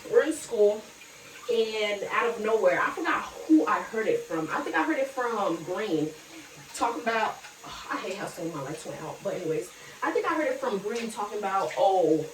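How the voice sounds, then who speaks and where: A young woman vlogger tells her viewers a casual storytime, frank and chatty, swearing freely and talking straight to them. Her mid-range voice has lively intonation at a moderate pace, and being far from the mic gives it a roomy sound.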